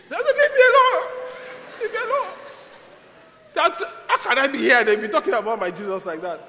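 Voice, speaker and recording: A man preaching a sermon, telling stories in an animated way with sudden loud bursts, in a church hall. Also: extremely high pitch, brisk, slight background noise. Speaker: pastor. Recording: echoey hall with long reverb.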